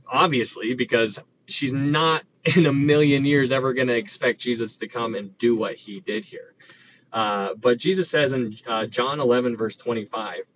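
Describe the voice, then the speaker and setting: Male Bible teacher, relaxed conversational delivery, restarts and reads verses; muffled lo-fi audio. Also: mid-range voice. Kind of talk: casual Bible study teaching. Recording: dull lo-fi recording with faint noise.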